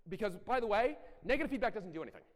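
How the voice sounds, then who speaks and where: A middle-aged man giving a conference talk, animated and blunt, with self-deprecating asides and occasional profanity. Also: sits high, very fast. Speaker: conference speaker. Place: large conference hall. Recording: echoey hall.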